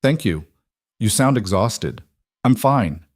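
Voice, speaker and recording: A man voicing a weary, overwhelmed single father in a read-aloud story, quiet and strained. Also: on the low side, animated, takes it slowly, dry recording, studio quality. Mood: tired, gentle. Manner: quiet, strained, self-doubting. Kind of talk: scripted story reading.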